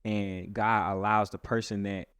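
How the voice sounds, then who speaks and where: A man's voice: lowish voice, flat delivery, measured pace, fairly bright tone, clean tone, no echo. A man who is a pastor, talking earnestly and casually in a rambling way with many restarts. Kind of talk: casual podcast chat.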